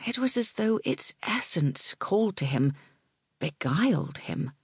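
A woman narrating an audiobook in a measured, expressive way that dips into whispers. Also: mid-range voice, slightly rough, no room sound, studio quality.

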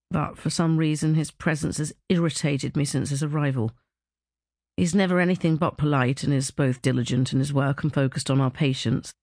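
A woman narrating a first-person novel as an audiobook, with a dry, wry, measured delivery. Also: low voice, darkish tone, no echo. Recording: dry close studio sound.

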